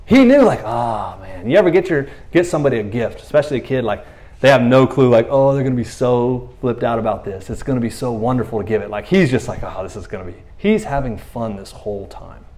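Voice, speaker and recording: A man's voice: mid-range voice, expressive, quick pace, a little mellow. A man preaching a casual, conversational sermon, telling stories animatedly and acting out quoted lines in playful voices. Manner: conversational fillers like "you know what I mean". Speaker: pastor.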